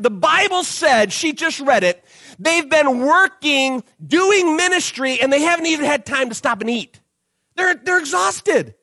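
A man preaching an animated youth sermon, acting out the disciples and crowd as he tells the story. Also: very high-pitched, no echo. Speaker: youth pastor.

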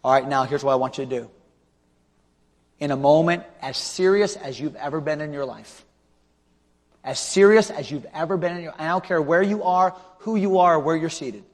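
A male pastor preaching a revival sermon with an altar call, swinging from loud shouting to hushed pleading. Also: fairly high pitch, normal speed. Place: large church auditorium. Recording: long hall reverb.

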